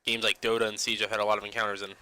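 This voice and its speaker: The voice is fairly low, monotone, clean in tone yet very bright and sharp-edged as a young gaming vlogger rattles on at speed. He stuffs "you know" into almost every phrase, restarting constantly and swearing casually through a rambling rant, recorded roughly, dry and close, with no room sound.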